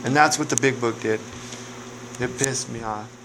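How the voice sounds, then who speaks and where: A man's voice: medium pitch, moderate pace. A man giving a candid personal recovery testimony with casual profanity and lots of conversational asides. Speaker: recovery speaker. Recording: noisy recording. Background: noise.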